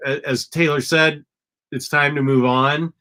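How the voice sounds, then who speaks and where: A man's voice: on the high side, steady tone, unhurried, sharp tone. A man co-hosting a casual comic book chat, blunt and opinionated, with frequent ums. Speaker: podcast co-host.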